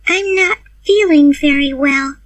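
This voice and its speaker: A woman's voice: high voice, measured pace, dry recording, far from the mic, voice pushed up. A woman voicing a polite little girl.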